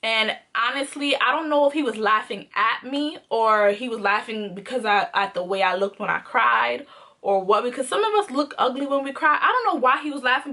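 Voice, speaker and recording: A woman's voice: fairly high pitch, moderate pace, bright, forceful tone. A young woman vlogger telling a personal story in a candid, emphatic way, repeating phrases for emphasis. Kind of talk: casual storytime monologue.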